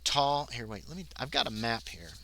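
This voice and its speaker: Bright-voiced man narrating a solo game. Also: medium pitch, lively intonation, normal speed, poor audio. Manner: reads the text aloud, then breaks off into muttered asides and dice counting. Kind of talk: reading a solo horror scenario aloud on a livestream.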